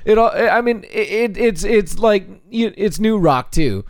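A man's voice: sits high, lively intonation, a little slow, no room sound. A man co-hosting a podcast, joking and rambling through his points in casual chat. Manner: joking, rambling, fillers and restarts. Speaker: podcast co-host.

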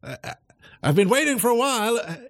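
A man's voice: extremely high pitch, very animated, fast talker, a bit bright, pitched above the performer's own voice, full character voice. A man voicing a fussy male professor cat who stammers and hesitates. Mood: anxious.

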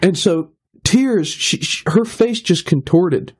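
A man's voice: high-pitched, slow, breathy edge. A man telling a long anecdote on a radio show, laughing often and acting out the voices of the people in it. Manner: lively storyteller who laughs often and acts out quotes. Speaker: radio guest.

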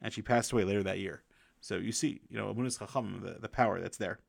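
Halting, gravelly-voiced man reviewing a book. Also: on the low side, no echo. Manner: halting, with frequent restarts and fillers. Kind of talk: casual storytelling book review.

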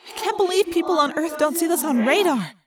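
A woman voicing a bold, fiery teenage girl who exclaims loudly. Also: very high-pitched, lively intonation, a little fast, background noise, pitched above the performer's own voice. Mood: astonished. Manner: loud, exclaiming.

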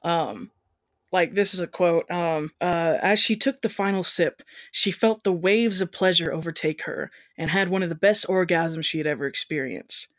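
A woman's voice: on the low side, moderate pace, fairly bright tone, dry recording, studio quality. A woman co-hosting a casual comedic review, reading excerpts aloud and giggling between quips. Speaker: podcast co-host. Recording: home recording with thumping from upstairs.

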